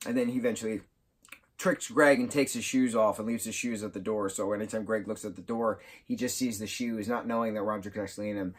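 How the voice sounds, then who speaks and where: A man reviewing a film in a casual vlog, retelling scenes excitedly with bursts of giggling and sudden jumps in pitch and volume. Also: fast talker. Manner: giggles through his retelling.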